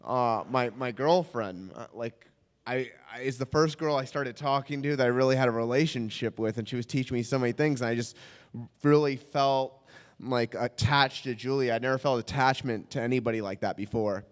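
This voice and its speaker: A young man telling a comic story on stage, rambling and self-mocking with halting restarts. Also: medium pitch, in a large hall.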